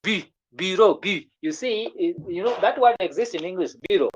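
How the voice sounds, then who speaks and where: A language teacher giving an online French lesson, patiently encouraging students and repeating words slowly so they can drill them. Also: mid-range voice, animated, husky.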